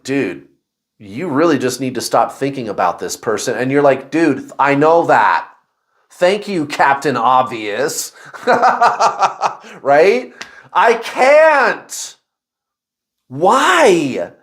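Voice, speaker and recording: A man hosting a spiritual video, telling viewers a personal story in a casual, confessional way, with animated outbursts and exclamations. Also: mid-range voice.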